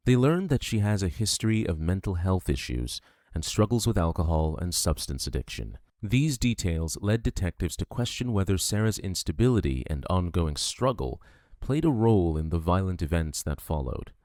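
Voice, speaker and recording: Guy reading true crime narration, really low voice, grave and measured, dry close mic. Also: expressive, darkish tone, dry recording. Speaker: documentary narrator.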